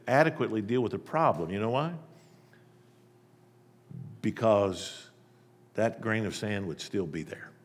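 Man, preacher, sermon, mid-pitched, emphatic, long hall reverb. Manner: emphatic storytelling, shifting loud and soft.

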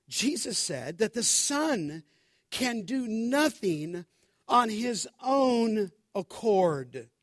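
A man preaching an expository sermon, emphatic, slowing down to stress each scripture quote and calling listeners "beloved". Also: high voice, no room sound, clean studio sound. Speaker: pastor.

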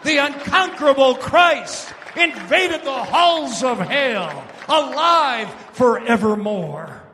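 A man preaching a sermon dramatically, moving from hushed lines to shouting, in a large church hall. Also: very high-pitched. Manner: dramatic, swings between hush and shouting. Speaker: pastor. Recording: long reverb of a large hall.

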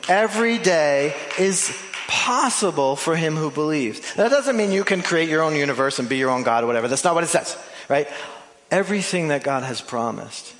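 A male pastor delivers a lively sermon in a church sanctuary, his somewhat high voice ringing out with a long reverb tail. He swings from forceful emphasis to slow, hushed phrases and drops in playful asides to the congregation. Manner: animated preaching, swings between loud emphasis and soft drawn-out phrases.

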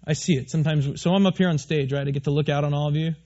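A pastor preaching a sermon to his congregation from the stage, animated and asking them questions. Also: a little high, quick pace, dull audio. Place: church stage before a congregation.

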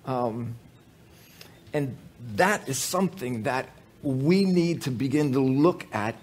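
Animated, husky-voiced male preacher. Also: mid-range voice, unhurried. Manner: humorous, animated storytelling with many fillers. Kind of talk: sermon.

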